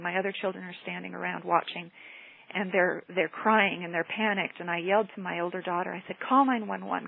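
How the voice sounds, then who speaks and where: A woman's voice: medium pitch, vocal fry, breathy edge, no room sound. A woman teacher and motivational speaker telling a personal story in an earnest, reflective way, heard over a telephone line. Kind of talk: personal story told in a teleclass. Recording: tinny phone line, dry.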